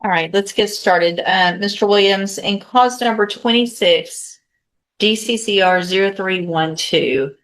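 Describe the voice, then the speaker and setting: A low-pitched woman serving as judge, speaking in a courtroom. She reads formal charges and asks plea questions in a methodical, procedural manner. She pauses to think aloud while working through her papers. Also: fairly bright tone.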